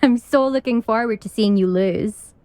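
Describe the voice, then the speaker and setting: A woman's voice: on the high side, normal speed, a little mellow, clear, resonant tone, natural voice. An actress playing a brash young female Quidditch captain who taunts her rival in a video game. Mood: taunting. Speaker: student rival.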